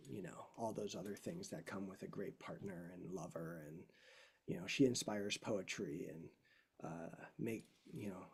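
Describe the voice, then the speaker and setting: Brief: middle-aged male guitarist, casual talk, mellow tone, meandering asides. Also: on the low side, slightly rough. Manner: rambling, warm asides and self-corrections. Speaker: guest speaker, classical guitarist.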